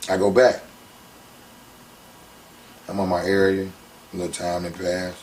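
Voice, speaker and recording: A man with a lowish voice tells his story in a casual interview, animated and full of slang. He sits back from the microphone. A faint hum of background noise runs underneath. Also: a little slow, distant mic. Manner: animated, slangy, heats up when retelling conflicts.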